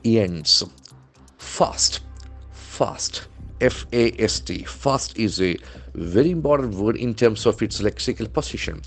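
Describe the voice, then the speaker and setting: A man's voice: on the low side, lively intonation, slow pace, gravelly, faint music behind. A man teaching vocabulary from newspaper headlines, spelling words letter by letter and modeling their pronunciation. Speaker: English trainer.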